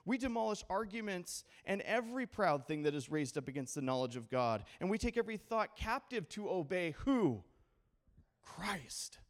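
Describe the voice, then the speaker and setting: High-voiced pastor preaching with humor. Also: male voice, very animated, moderate pace. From Idaho. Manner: conversational preaching with call-and-response questions and humor. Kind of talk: sermon.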